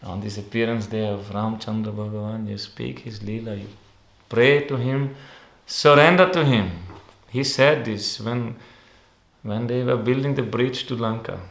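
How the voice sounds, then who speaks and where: In a reverberant ashram hall, a man who isn't a native English speaker gives a devotional discourse as a spiritual teacher. His voice is fairly low with vocal fry, and he uses simple, repetitive phrasing while reciting Sanskrit verses.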